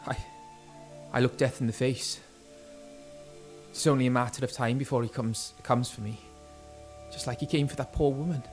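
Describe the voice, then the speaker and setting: A man voicing a traumatized, fearful man in a put-on Welsh accent, speaking in a hushed, shaky plea. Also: medium pitch, steady tone, moderate pace, pauses often, faint music behind, natural voice.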